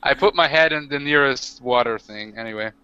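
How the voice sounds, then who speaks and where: A man playing a tabletop game, chatting in an excitable, rambling way with many restarts. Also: mid-range voice, a little fast, muffled recording. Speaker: player. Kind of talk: casual tabletop game chat.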